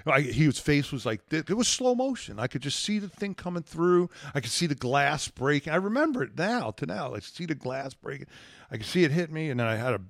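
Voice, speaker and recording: A man, a podcast guest, telling a wild personal story in an animated, profane way. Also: fairly high pitch, brisk, gravelly, no echo, clean studio sound. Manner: profane, excitable, acts out dialogue. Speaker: guest, former combat controller.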